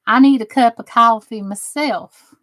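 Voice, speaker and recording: A woman's voice: a little high, a little slow, a bit bright, no room sound. A woman with a Southern US accent hosting a crafting channel, chatting casually with viewers, sarcastic and teasing at times and earnestly encouraging at others.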